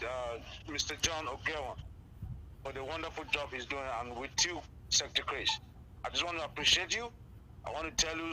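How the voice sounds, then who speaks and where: A man's voice: fairly high pitch, bright, forceful tone, a little hiss or hum, rough recording. A man calling in to a radio show, speaking earnestly and repeating his key points for emphasis. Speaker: caller. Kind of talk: call-in phone contribution.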